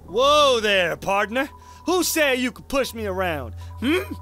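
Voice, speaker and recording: A man's voice: extremely high pitch, big pitch swings, takes it slowly, pushed and bright, faint music behind, heavily acted. A man voicing a playful, folksy talking rock who drawls and teases. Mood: teasing. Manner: drawling, teasing, cowboy-ish.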